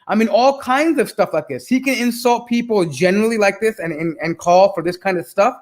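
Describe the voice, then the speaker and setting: A man hosting a reaction video, ranting in an exasperated, animated way about what he is watching. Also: sits high, brisk, hardly any pauses. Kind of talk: reaction commentary.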